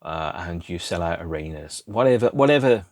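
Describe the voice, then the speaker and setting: Low-voiced man musing aloud. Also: animated, moderate pace, darkish tone, no echo, studio quality. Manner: rambling, digressive, musing aloud. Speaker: podcast host. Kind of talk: casual solo chat.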